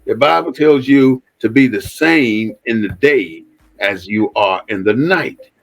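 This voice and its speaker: A man's voice: medium pitch, a little slow, vocal fry, lo-fi sound. A man hosting an impassioned commentary monologue, speaking bluntly and repeating phrases for emphasis, with frequent swearing. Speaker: host.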